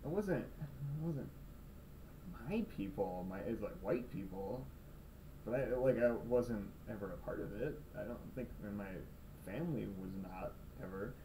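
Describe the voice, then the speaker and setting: Alone in his room at night, a young man delivers a rambling, sarcastic, self-mocking vlog monologue for laughs. His voice is fairly low, dark, expressive, and unhurried. The rough recording comes from a cheap camera's built-in mic set back from him, picking up faint room noise.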